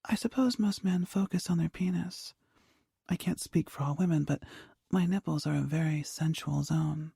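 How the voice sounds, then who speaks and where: A man voicing a shy, curious, nervous young woman in whispered role-play, speaking in a soft breathy whisper. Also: a little high, moderate pace, dry recording, clean studio sound, voice pushed up, heavily acted. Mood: hushed whisper.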